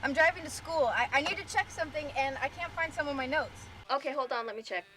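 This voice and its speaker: A young woman playing an earnest, anxious student who pleads and talks in quick, flustered bursts. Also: sits high, pushed and bright, a little hiss or hum. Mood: frantic. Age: young adult. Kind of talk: TV comedy-drama acting.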